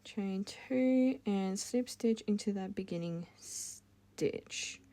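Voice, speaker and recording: A woman's voice: medium pitch, slow, dark tone. A woman talking through a crochet tutorial step by step, chatty and correcting herself as she goes. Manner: chatty, self-correcting, laughs at her slips. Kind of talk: casual step-by-step demonstration.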